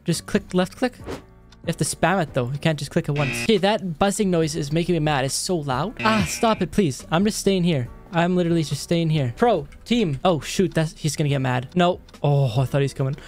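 A man doing let's play game commentary, excitable, swinging from panicked yelling to mumbling to himself. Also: high-pitched, fairly quick, soft background music. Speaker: gaming video creator.

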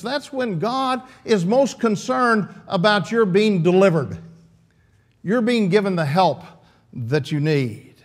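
Man, preacher, earnest emphatic sermon, slightly high voice, restarts phrases. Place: church.

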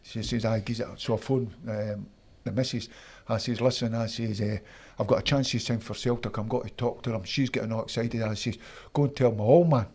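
An older man with a Scottish accent, telling animated stories from his football career as an interview guest. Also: lowish voice, a little fast, vocal fry. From Scotland. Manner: animated anecdotes, acts out voices of others. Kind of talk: casual storytelling.

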